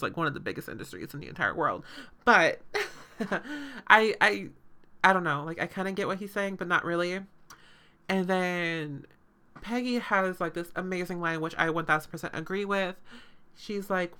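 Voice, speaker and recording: A woman's voice: fairly low pitch, normal speed, sharp tone. A woman hosting a podcast, recapping a show in casual, sarcastic chat full of fillers and swearing.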